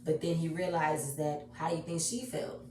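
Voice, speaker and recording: A woman's voice: low voice, steady tone, moderate pace, warm tone. A woman giving a casual, emotional recap of a reality show episode, talking chatty and repeating herself. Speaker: reality TV reviewer. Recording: echoey room, distant mic.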